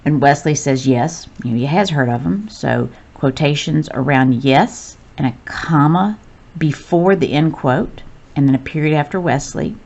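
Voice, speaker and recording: A woman's voice: sits low, unhurried, creaky, a little mellow, dull audio. A woman teacher patiently walking through a recorded grammar lesson step by step.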